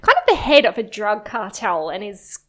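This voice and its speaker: A woman's voice: medium pitch, huge pitch swings, moderate pace, a bit bright. A woman co-hosting a podcast, enthusiastically recapping a movie plot in casual chat. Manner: enthusiastic, summarizes at length.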